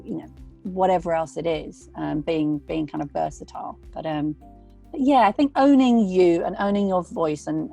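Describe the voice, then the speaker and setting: Woman voice actor, warm and mellow tone, earnest and rambling advice. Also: on the low side, vocal fry. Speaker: voice actor guest. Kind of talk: casual interview talk.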